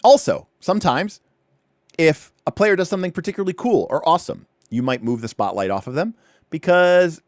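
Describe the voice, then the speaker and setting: Lively, animated man explaining game rules. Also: fairly high pitch, fairly quick, no echo, studio quality. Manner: animated, repeats points for emphasis, chatty asides. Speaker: livestream host. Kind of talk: casual rulebook walkthrough for a livestream.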